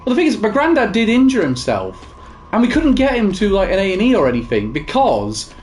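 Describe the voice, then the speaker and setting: A man's voice: high-pitched, wildly swooping pitch, fairly quick, a little hiss or hum. A young man chatting casually while gaming, telling rambling stories with many fillers and restarts. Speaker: gaming co-host.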